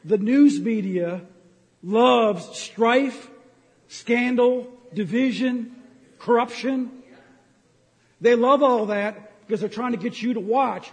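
High-voiced impassioned preacher man. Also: slow, a little mellow. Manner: impassioned, ranting, jokey. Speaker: pastor. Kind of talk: sermon. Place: church sanctuary. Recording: long hall reverb.

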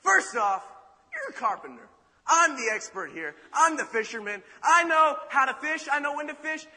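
A man's voice: extremely high pitch, very animated, moderate pace, sharp tone, long reverb tail, voice pushed up, full character voice. A preacher acting a fed-up fisherman. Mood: exasperated shout. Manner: complaining, exasperated outbursts. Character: frustrated tired male fisherman, grumbling.

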